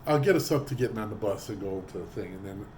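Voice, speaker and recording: A man's voice: fairly low pitch, fast, slight background noise. A man vlogging, telling a casual story with lots of energy and acting out what people said. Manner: animated, acts out quoted voices. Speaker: trucker vlogger.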